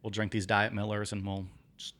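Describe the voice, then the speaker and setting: A man's voice: fairly low pitch, monotone, fairly quick, fairly bright tone. A man co-hosting a podcast in casual chat, joking, swearing and laughing often. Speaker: podcast co-host.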